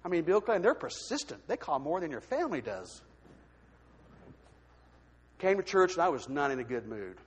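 A man speaks from a church pulpit, telling his own story like a sermon. His voice sits high and swings widely, and he acts out the other people's lines. A long reverb from the sanctuary trails behind every word. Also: very animated, normal speed, long pauses, husky. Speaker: lay speaker giving a testimony in church. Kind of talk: sermon testimony.

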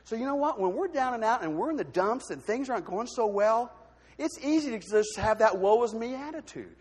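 A man speaks from a church pulpit, telling his own story like a sermon. His voice sits high and swings widely, and he acts out the other people's lines. A long reverb from the sanctuary trails behind every word. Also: animated, brisk, a little mellow, husky. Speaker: lay speaker giving a testimony in church. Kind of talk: sermon testimony.

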